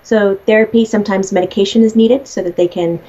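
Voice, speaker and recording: A chatty woman talks casually, laughing often and swearing freely as she relays messages as a medium. Her voice sits at a middle pitch. The audio is slightly dull and lo-fi. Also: steady tone, quick pace, warm tone. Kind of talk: casual conversation.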